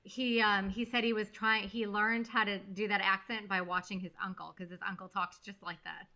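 A woman's voice: medium pitch, level tone, normal speed, pushed and bright. A woman on a movie podcast, sharing trivia and gushing over sweet moments in casual chat.

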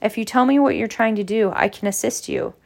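A woman's voice: big pitch swings, fairly quick, vocal fry. Snape, a curt stern professor, as a woman reads him. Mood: stern, cold. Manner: curt, low and clipped. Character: cold, stern male potions professor.

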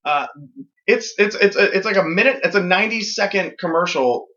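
A man co-hosting a podcast, telling crude, animated jokes in casual chat. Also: sits high, moderate pace. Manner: animated, crude, laughing storyteller. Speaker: podcast co-host. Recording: dull lo-fi podcast audio.

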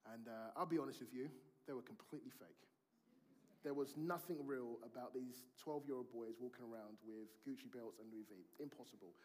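A man's voice: mid-range voice, fairly quick. A man, preaching a sermon in a conversational storytelling way and acting out family dialogue.

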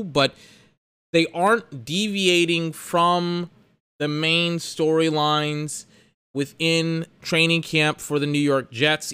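A young man talks alone into his podcast mic, ranting with open exasperation and a lot of swearing. His voice sits a bit high for a man and comes through smooth and clear. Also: sharp tone, dry recording. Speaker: podcast host. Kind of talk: solo podcast rant.

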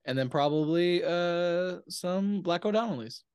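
A man's voice: high-pitched, a little slow, darkish tone, clear, resonant tone, no room sound, studio quality. A young man co-hosting a casual chat with his father, teasing and swearing freely. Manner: swears a lot, teasing, laughs. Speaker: co-host, son.

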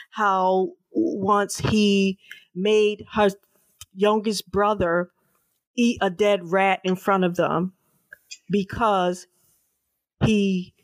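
Middle-aged woman, author guest, earnest emphatic storyteller, medium pitch, dry sound. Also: no room sound. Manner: earnest, slow and emphatic, with repeated words. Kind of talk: personal storytelling in an interview.

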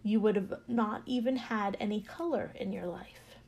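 A woman playing a gentle, patient male master potter who speaks quietly in a storybook parable. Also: mid-range voice, moderate pace, vocal fry, husky.

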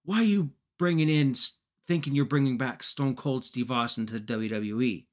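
A man impersonating a cocky, brash male wrestling star in a lowered voice. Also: normal speed, natural voice.

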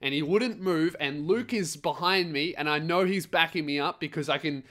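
A man's voice: a little high, normal speed, a bit bright. A man hosting a podcast, telling a story in a heated, blunt rant full of swearing. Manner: swearing, blunt and heated, acts out other voices. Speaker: podcast host. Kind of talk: ranting storytelling monologue.

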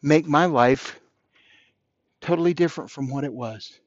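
A man's voice: on the high side, measured pace, dry recording, muffled recording. A man hosting a podcast, delivering an earnest motivational monologue and repeating phrases for emphasis. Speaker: podcast host.

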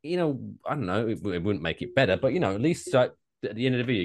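A man co-hosts a casual comedy podcast, talking with a lively, swooping pitch that rises and falls a lot. He swears freely and rants in mock outrage, playing up his bits. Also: fast. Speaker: podcast co-host.

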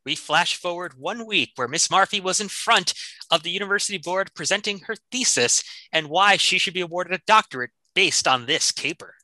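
Male narrator, high and bright-toned, dry room. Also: animated, normal speed, no room sound, low-quality recording. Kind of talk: improvised scene narration.

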